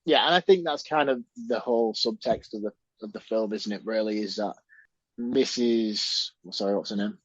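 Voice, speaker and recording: A man's voice: lowish voice, moderate pace, slightly rough, no room sound. A man co-hosting a podcast, talking bluntly in casual chat about a film. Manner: blunt, animated rants then apologises. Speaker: podcast co-host. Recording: dry, dull lo-fi sound.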